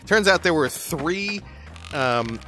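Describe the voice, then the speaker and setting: A man's voice: a little high, expressive, slow, over loud music. A man telling a long personal story in a casual, chatty way while playing a game, laughing often and restarting his sentences. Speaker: gaming video host. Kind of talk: casual storytelling over gameplay.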